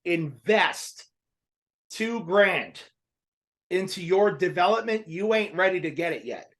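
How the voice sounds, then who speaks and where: A man's voice: high voice, expressive, measured pace, noisy background. A man hosting a casual podcast, agreeing with his guest and backing him up.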